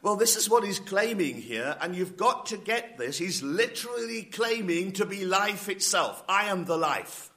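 A man delivering a sermon as a pastor, emphatic and deliberate, rising on key words and coughing now and then. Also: high voice, animated, pushed and bright.

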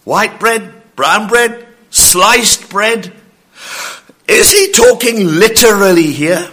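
A male preacher delivers a sermon with a bright, forceful tone and a slightly high voice. He talks very slowly and stresses his points, quoting scripture with mounting emphasis. Now and then he clears his throat. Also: animated.

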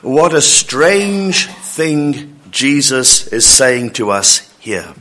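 A man preaching a sermon, praying and then teaching scripture in a slow, emphatic way. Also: medium pitch, very animated, sharp tone.

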